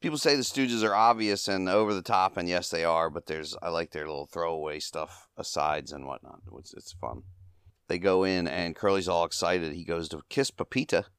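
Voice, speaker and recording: A man with a low, clear voice hosts a podcast and casually recaps a comedy short. He chuckles often as he retells the gags. The sound is dry and close. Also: steady tone, normal speed, fairly bright tone, no echo. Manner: chuckling often, acting out quoted lines.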